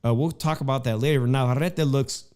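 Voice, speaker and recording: Male boxing-show host, mid-pitched, chatty and loose with plenty of fillers. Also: brisk, a little mellow, clear, resonant tone. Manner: chatty, filler-heavy, addresses co-host by name. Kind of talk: casual boxing talk.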